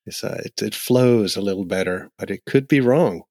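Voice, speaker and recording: A man's voice: lowish voice, normal speed, darkish tone, dry recording, studio quality. A man co-hosting a casual podcast, rambling and jokey, musing aloud with lots of fillers. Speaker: podcast co-host. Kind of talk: casual chat.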